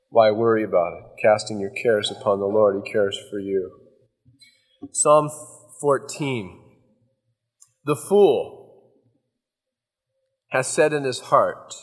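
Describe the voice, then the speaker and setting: A man's voice: mid-range voice, measured pace, pauses often, big-room sound. A man preaching a verse-by-verse sermon as pastor, folksy and conversational, often acting out asides.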